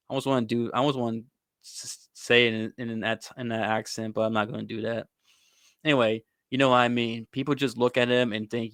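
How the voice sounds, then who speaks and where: A man's voice: mid-range voice, fairly even intonation, fast talker, smooth, no echo, clean studio sound. A man hosting a casual sports talk show, giving blunt, opinionated takes on fighters and often calling people "bro". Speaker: host.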